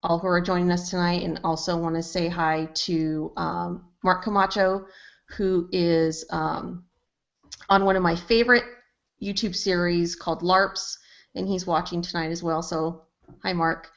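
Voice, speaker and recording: A woman's voice: lowish voice, steady tone, measured pace, creaky. A woman co-hosting a casual live-streamed show, laughing as she greets viewers by name. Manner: laughing, giving shout-outs to viewers. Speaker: podcast co-host. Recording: dull lo-fi stream audio.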